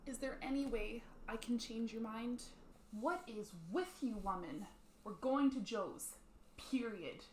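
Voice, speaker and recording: A woman voicing a domineering husband in an acted role-play, talking in a gruff, dismissive, bullying way. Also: fairly high pitch, a little slow, reverberant, slight background noise, close to an everyday voice.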